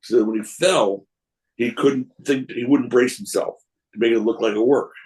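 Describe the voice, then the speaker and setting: A man on a podcast telling loose, rambling stories. He jumps into other people's voices as he goes and often restarts his sentences. His pitch sits in an ordinary middle range. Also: moderate pace, rough recording. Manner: animated, acts out voices in his anecdotes. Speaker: wrestling promoter guest. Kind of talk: casual storytelling.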